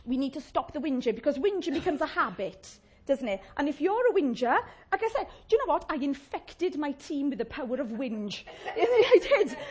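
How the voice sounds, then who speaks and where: A woman's voice: sits high, very animated, moderate pace, hardly any pauses. A woman preaching a chatty, humorous sermon, acting out little voices of complainers.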